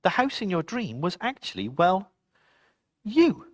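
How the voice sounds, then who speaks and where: A man voicing a wise, calm mother in a children's story, speaking in a soothing tone. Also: high-pitched, unhurried, dry recording, studio quality, full character voice. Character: wise calm mother, middle-aged woman.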